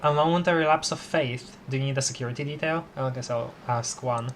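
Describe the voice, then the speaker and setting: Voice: mid-range voice, brisk, slight background noise. A streamer in casual commentary over a story game, thinking aloud, reading text and stumbling over words. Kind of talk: casual let's-play commentary.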